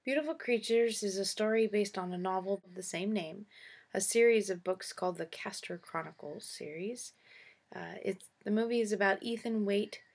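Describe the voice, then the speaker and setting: A woman's voice: mid-range voice, normal speed, darkish tone. A woman hosting her own show, casually and opinionatedly reviewing movies with sarcastic asides.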